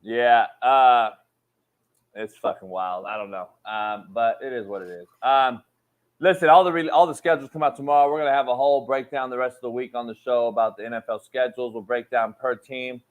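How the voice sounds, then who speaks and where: A man's voice: mid-range voice, fairly even intonation, a little fast, narrow, tinny audio. Blunt, profane male sports host. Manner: blunt, profane, dismissive, argues heatedly. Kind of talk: casual sports talk debate.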